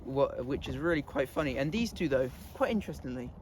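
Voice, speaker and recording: A man's voice: medium pitch, lively intonation, a little fast, a little hiss or hum. A man chatting casually to camera outdoors in a goat pen, laughing often and scolding his animals. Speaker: vlogger. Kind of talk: casual vlog talk.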